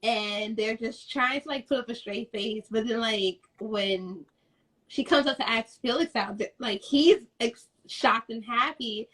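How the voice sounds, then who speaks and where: A woman's voice: a little high, unhurried, a bit bright, rough recording. A woman interviewing an actress, reading out fan questions and chatting along with laughs. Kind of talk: casual interview chat.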